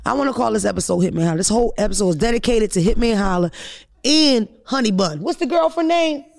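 A woman's voice: on the high side, animated, fast talker, creaky, darkish tone. A woman comedian hosting a podcast, chatting casually with blunt, profane storytelling.

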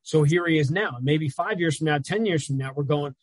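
A man talking basketball in casual chat as a regular analyst, telling stories with quick asides. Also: a little high, no room sound.

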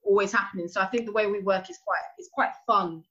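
A woman's voice: medium pitch, steady tone, fast talker, a bit bright, lo-fi sound, slight background noise. A woman, a sketch comedy actor chatting as a podcast guest, laughing often and filling with "like". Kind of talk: casual podcast chat.

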